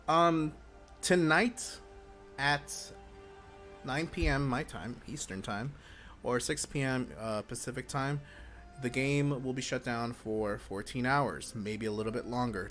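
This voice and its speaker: A man's voice: mid-range voice, fairly bright tone. A man hosting a casual livestream Q&A for a game community, chewing gum and feeling hyper, rambling and breaking off his own sentences as he answers viewer questions. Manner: chatty, rambling, self-interrupting.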